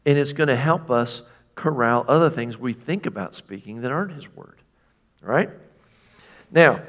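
A man preaching a sermon in a conversational tone, often checking in with the congregation and sometimes mimicking voices. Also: mid-range voice. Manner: mimics a taunting voice for quoted questions. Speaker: pastor.

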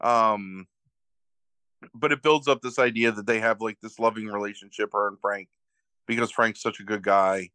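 Bright-voiced man recapping in rambling casual chat. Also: fairly low pitch, fairly even intonation, normal speed, clean tone, no room sound. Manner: rambling, filler-heavy retelling with frequent self-corrections. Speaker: podcast co-host recapping a movie.

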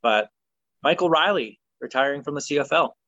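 A man hosting a casual sports podcast, leading segments in a brisk, opinionated way. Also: a little high, animated, bright, forceful tone, no echo. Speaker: podcast host. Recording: dull, dry sound.

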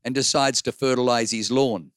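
A man preaches a sermon in an animated, storytelling way and acts out bits of his stories. He repeats key phrases to drive them home. His voice sits at a middle pitch and sounds dry and close. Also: normal speed, smooth, no room sound. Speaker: pastor.

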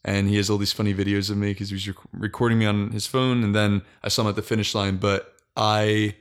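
A young man telling a long personal story in casual podcast chat, halting often and restarting his sentences. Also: fairly low pitch, level tone, clean tone. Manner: halting, frequent restarts and fillers.

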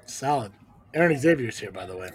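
A man's voice: medium pitch, expressive, fairly quick, a little hiss or hum. A man hosting a casual live-stream podcast chat, joking and exasperated. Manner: joking, exasperated, mutters "Jesus". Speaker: podcast host and wrestling commentator.

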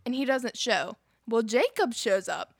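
Chatty high-voiced woman, dry sound. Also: animated, a little slow, gravelly, no room sound. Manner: chatty retelling with quoted dialogue, many "like"s. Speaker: podcast co-host recapping a film. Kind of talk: casual chat.

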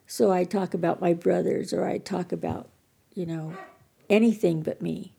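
A woman's voice: on the low side, steady tone, normal speed, vocal fry, warm tone, breathy edge. An older woman telling her personal recovery story as a podcast guest, candid, earnest and self-deprecating.

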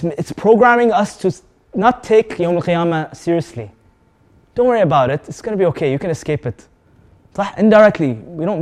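A man giving a lively sermon to an audience, asking them questions and mixing Arabic words and recitation into his English. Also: high voice. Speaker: Islamic preacher.

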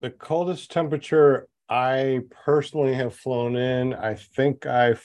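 A man's voice: mid-range voice, steady tone, a little slow, a little mellow, no room sound. A man hosting a podcast, chatting casually with guests in a joking, rambling way with many restarts. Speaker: podcast host. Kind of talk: casual group chat.

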